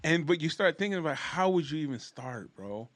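Host: man with a somewhat high voice, laid-back, dry close mic. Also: expressive, brisk, fairly bright tone, no room sound. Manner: laid-back, says "bro". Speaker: podcast host. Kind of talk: casual podcast interview.

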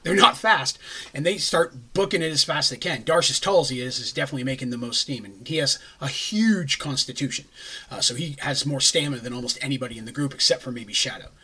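A man's voice: mid-range voice, quick pace, sharp tone, slightly rough. A man recapping a tabletop campaign in a casual, rambling way, with jokey asides. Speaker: game master recapping a campaign.

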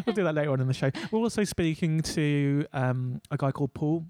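Chatty man with a mellow voice. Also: a little high, lively intonation, fairly quick, no room sound. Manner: chatty, stumbling restarts, jokey. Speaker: podcast co-host. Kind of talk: casual chat.

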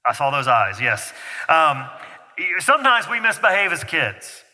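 A man's voice: fairly high pitch, big pitch swings, measured pace, bright, forceful tone. A man preaching a sermon as a pastor, talking to the congregation in a loose, conversational way and joking with the kids in the room. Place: church sanctuary. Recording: hall reverb.

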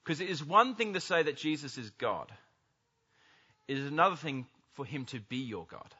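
Pastor, male, bright higher voice, animated sermon delivery, slightly dull lo-fi recording. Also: moderate pace, husky. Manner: animated, acts out quoted speech.

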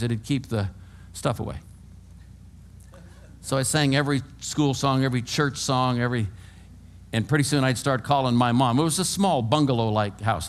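Older man preaching with folksy animation. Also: mid-range voice. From California, USA. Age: around 80. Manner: folksy, animated storytelling with humor, swings between hushed and loud. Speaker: pastor. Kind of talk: sermon. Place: church before a congregation.

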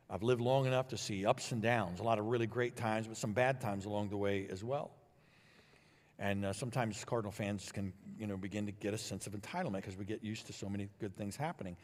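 Man preaching in an echoing sanctuary. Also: fairly quick. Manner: preaching with swells of emphasis, then dropping low and quiet. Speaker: pastor. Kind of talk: sermon.

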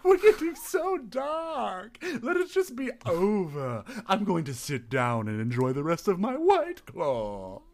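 A man voicing a pompous male outro announcer in a theatrical, drawn-out, mock-offended way. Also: high voice, huge pitch swings, a little mellow, pitched above the performer's own voice, exaggerated voice.

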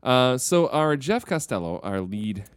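A man's voice: mid-range voice, sing-song, measured pace, smooth, no room sound, clean studio sound. A man co-hosting a casual film podcast, wry and teasing, swearing casually. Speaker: podcast co-host.

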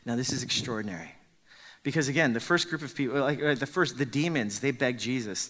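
A man's voice: medium pitch, a little fast. A man preaching a sermon with dramatic emphasis, dropping to pleading whispers when he voices a character. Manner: rises to loud emphatic peaks.

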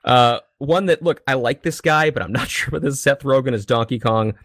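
A man hosting a podcast, presenting headlines and giving easygoing, measured opinions in casual chat. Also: medium pitch, fairly bright tone, dry recording, clean studio sound. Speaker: podcast host.

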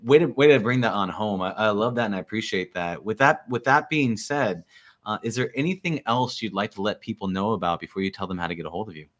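A man's voice: fairly low pitch, fast talker, fairly bright tone. Reflective man hosting a podcast. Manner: reflective, affirming. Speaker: podcast host. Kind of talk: reflective conversation.

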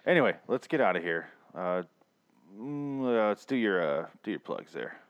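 A man's voice: on the low side, lively intonation, lo-fi sound. A man co-hosting a podcast, riffing in crude, sarcastic banter with his friend. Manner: sarcastic, riffing, quick to mock. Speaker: podcast co-host.

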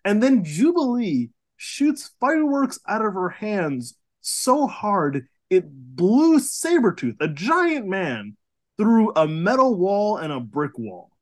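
A man co-hosting a casual chat, retelling scenes from a cartoon episode, laughing often and slipping into quick acted quotes. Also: high voice, big pitch swings. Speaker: podcast co-host.

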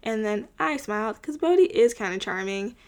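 A woman's voice: fairly high pitch, lively intonation, moderate pace, a little mellow. A young woman casually recapping a TV episode, chatty and full of filler words, with wry asides. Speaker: show recapper.

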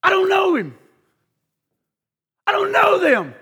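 A man voicing a frightened fisherman shouting desperate denials during a sermon. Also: sits high, huge pitch swings, quick pace, breathy edge, big-room sound, voice pushed down, heavily acted. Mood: panicked.

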